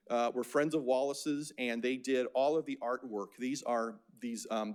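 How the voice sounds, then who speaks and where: A man's voice: mid-range voice, darkish tone. Chatty older man giving a slide lecture. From Phoenix, Arizona. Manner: chatty, anecdotal, many fillers and restarts.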